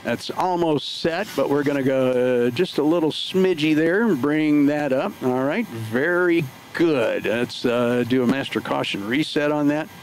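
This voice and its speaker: A man's voice: a little high, a little slow, a little hiss or hum, low-quality recording. A man livestreaming from his home flight sim setup, talking casually through each step with lots of filler words. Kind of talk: casual live play-by-play narration.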